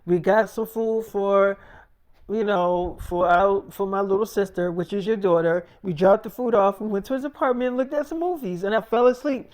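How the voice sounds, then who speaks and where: A man's voice: high voice, normal speed, voice pushed down, close to an everyday voice. A man voicing a sulky teenage girl who defends herself and talks back to her mother. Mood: pleading.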